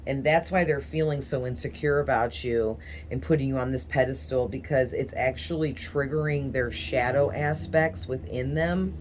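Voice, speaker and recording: A woman's voice: very deep voice, moderate pace, hardly any pauses, a little mellow, slight background noise. Rambling woman giving a tarot reading. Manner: rambling, hesitant, admits stuttering. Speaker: tarot reader.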